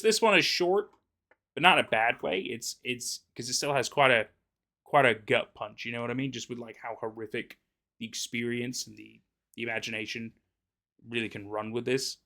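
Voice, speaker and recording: A man reading a story game aloud and commenting casually, animated and often stumbling over his words. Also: medium pitch, normal speed. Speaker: let's play narrator.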